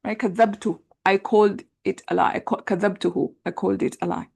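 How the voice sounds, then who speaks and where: A woman teaching an Arabic grammar class, talking through translations in a relaxed conversational way with many fillers. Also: mid-range voice, quick pace, gravelly, husky. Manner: explains patiently, thinks aloud with many fillers; reads translations aloud and compares them.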